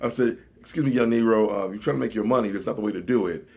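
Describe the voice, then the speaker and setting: A man telling a comedic story on his vlog, animated, swinging from loud, exaggerated lines to low mutters. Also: fast, slightly rough. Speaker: vlogger.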